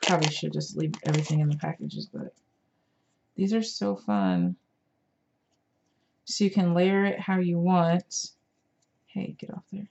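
Woman craft vlogger, tired and chatty, unhurried lower voice on a lo-fi mic. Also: animated, vocal fry, mellow. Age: adult parent. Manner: chatty, enthusiastic, many fillers. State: tired, yawning. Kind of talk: casual show-and-tell.

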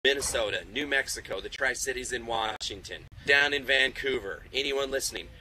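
Upbeat man with a very bright voice. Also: medium pitch, a little fast, slight background noise, poor audio. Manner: upbeat, encouraging, praises kids. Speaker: host of a live virtual classroom field trip. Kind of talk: live interactive quiz with classrooms.

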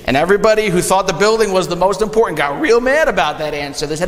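A young man preaching a sermon, animated, acting out quick quoted asides in a church sanctuary. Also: high-pitched. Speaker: pastor. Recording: long hall reverb.

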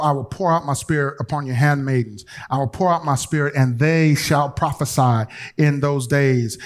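A man with a fairly high-pitched voice preaches a sermon as bishop to his congregation. He tells stories with colloquial asides, alternating loud, energetic sections with quiet, hushed urging.

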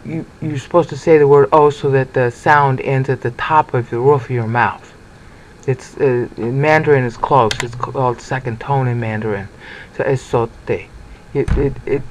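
A man's voice: mid-range voice, low-quality recording. A man giving an informal Bible history lecture, chatty and often checking in with "okay?". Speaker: Bible teacher. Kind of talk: informal lecture over slides.

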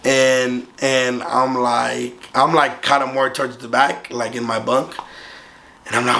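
Gravelly young man telling a story. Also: medium pitch, unhurried. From Southern California. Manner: profane, animated, acts out the other voices. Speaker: vlogger. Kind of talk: casual storytelling.

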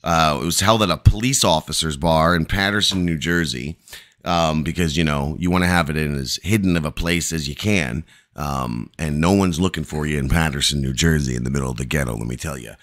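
A man's voice: rumbling low, brisk, fairly bright tone. A man hosting a live stream, telling a long, rambling story full of profanity.

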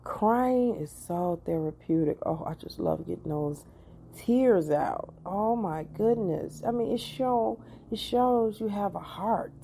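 A woman in her forties, a therapist and life coach, giving casual advice in a chatty, personal way with animated asides to the viewer. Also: medium pitch, slow, gravelly, slight background noise. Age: 40s.

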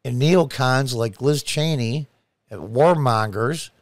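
A man's voice: medium pitch, slow, dry recording. A middle-aged American man hosting his own political commentary show, reading news aloud and scoffing at it.

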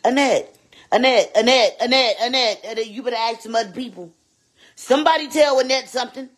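A sassy, vain woman babysitter voiced by a performer in a live-streamed comedy skit. The voice is husky and leaps wildly between low mutters and high squeals. She teases loudly and repeats her lines over and over. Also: sing-song, moderate pace. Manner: loud, teasing, repeats lines, swoops up into squeals.

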